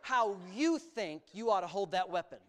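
Preacher, sermon, emphatic, lively swooping pitch, slows down on key words. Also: clear, resonant tone. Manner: emphatic and animated, stretches words for emphasis, sarcastic asides.

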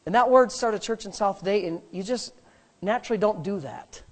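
A man's voice: sits high, a little fast. A man, a pastor, preaching a sermon and driving points home with emphatic repetition.

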